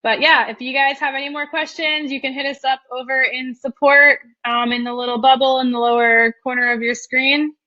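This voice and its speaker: A woman's voice: high-pitched, fairly even intonation, a little fast, hardly any pauses, bright, forceful tone, dry recording, dull audio. Chatty woman hosting a webinar. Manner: chatty, reads out viewer questions, many ums and likes. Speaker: webinar host. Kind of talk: casual live webinar Q&A.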